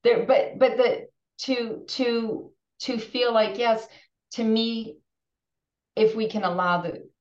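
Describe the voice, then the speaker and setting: Animated woman in her fifties, echoey and distant. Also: on the high side, takes it slowly. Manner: animated, emotional, frequent restarts. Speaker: podcast guest. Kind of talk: casual podcast conversation. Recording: distant roomy muffled remote audio.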